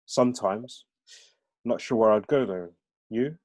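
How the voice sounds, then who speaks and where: A man's voice: fairly low pitch, measured pace, a little mellow, dry recording, clean studio sound, lightly acted. A man reading from his novel, voicing a worldly, offhand young man with a Brummie accent.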